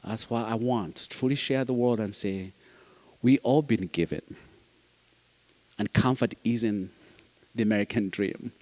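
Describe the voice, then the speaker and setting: A man's voice: on the low side, unhurried, long pauses, a little mellow. A man, a foster dad giving a heartfelt speech to an audience, earnest, repeating phrases and restarting sentences. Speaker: foster parent speaking at a summit.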